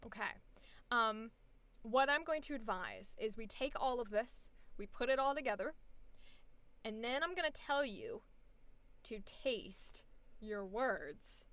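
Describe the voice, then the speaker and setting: A woman, a voice acting coach, directing a live session with an animated, emphatic, directive manner. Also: on the high side, a little slow, pauses often, dry recording.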